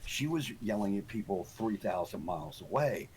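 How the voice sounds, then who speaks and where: A man's voice: on the low side, big pitch swings, moderate pace, a little mellow, a little hiss or hum, low-quality recording. A middle-aged man, a guest on the show, telling a story in casual chat with lots of ums and restarts. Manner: rambling storyteller with many ums. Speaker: podcast guest.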